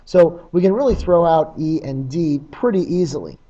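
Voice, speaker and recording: A man's voice: on the high side, animated, normal speed, dark tone, lo-fi sound. A man teaching a recorded test-prep lesson in a plain, practical way, with frequent uhs and ums.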